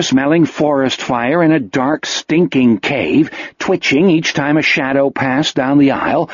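A man narrating an audiobook in an expressive, vivid storytelling manner. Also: on the high side, no room sound. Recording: dull lo-fi dry recording.

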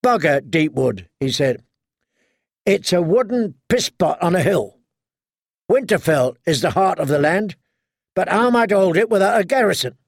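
A man voicing a proud, desperate young male lord with strained, shouting protests. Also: a little high, big pitch swings, unhurried, creaky, no echo, clean studio sound, full character voice. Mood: furious.

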